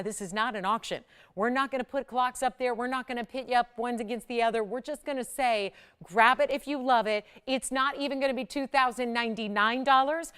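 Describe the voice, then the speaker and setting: This is a live shopping host, a woman talking up jewelry. Her smooth patter is conversational and persuasive, rising now and then to excited peaks.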